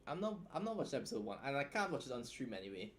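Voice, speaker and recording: A young man with a Trinidadian accent chats on his own livestream, blunt and joking, with casual swearing and quick asides. His voice sits at an ordinary middle pitch, with a faint hum of room sound behind him. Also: sing-song. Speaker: livestream host and writer. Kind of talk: casual livestream chat, reacting and reading a story aloud.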